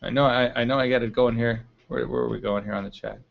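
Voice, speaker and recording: A man's voice: mid-range voice, steady tone, fast talker, vocal fry. A man hosting a casual live stream, chatting, laughing often and reading the chat aloud. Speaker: livestream host. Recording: dull lo-fi stream audio.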